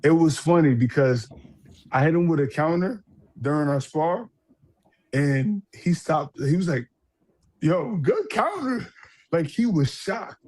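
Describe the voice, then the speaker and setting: A man, a professional boxer, answering an interview question in a halting way, laughing as he recalls things. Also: on the high side, darkish tone.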